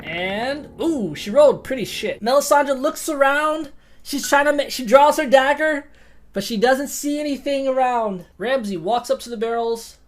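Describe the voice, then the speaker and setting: A woman narrating a tabletop game as game master, excitable, swearing casually and laughing often. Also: high voice, moderate pace.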